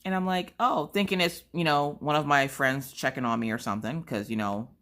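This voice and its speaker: A mother vlogging at home at night, retelling her family's day in an animated, dramatic way, often tagging "okay?". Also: rumbling low, a little fast. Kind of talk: casual storytelling to camera.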